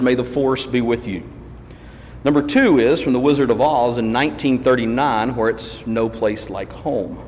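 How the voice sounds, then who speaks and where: Brief: male preacher, mid-pitch, folksy storytelling, roomy church reverb. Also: darkish tone, a little hiss or hum. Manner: chatty, anecdotal, repeats himself. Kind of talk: storytelling sermon. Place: church sanctuary. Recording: long church hall reverb.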